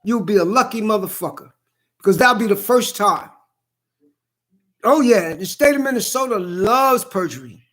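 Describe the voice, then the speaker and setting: A man's voice: sits high, animated, normal speed, a bit bright. A middle-aged man in a blunt, profane ranting monologue who hammers the same points again and again.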